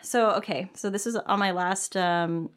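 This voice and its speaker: A woman's voice: medium pitch, unhurried, smooth. A woman guest telling a rambling, self-mocking story in casual comedic chat, full of fillers. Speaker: podcast guest.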